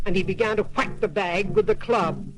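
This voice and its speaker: Male audiobook narrator, high-pitched and lively, fairy-tale reading over music. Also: moderate pace, poor audio. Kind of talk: storybook narration. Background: background music.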